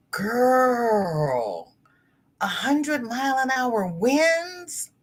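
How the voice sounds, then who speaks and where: A woman chatting on a crochet livestream at an unhurried, easy pace. She greets viewers one by one and reads their comments aloud in a chatty, affectionate way. Her voice has a middling pitch for a woman. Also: expressive, a bit bright. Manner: chatty and affectionate, calling viewers girl, honey and darling. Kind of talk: casual livestream chat. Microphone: laptop.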